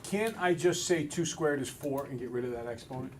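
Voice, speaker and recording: A male math teacher in a classroom, relaxed and a little self-deprecating, talking through each step aloud. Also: medium pitch, a little fast, slight background noise. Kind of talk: classroom lesson. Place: school classroom with students.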